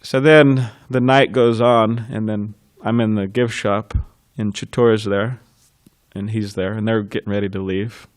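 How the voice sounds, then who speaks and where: A man giving a devotional class, recounting a memory with frequent chuckles and halting restarts. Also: on the low side, fairly even intonation, dry recording, clean studio sound. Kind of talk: reminiscing in a scripture class.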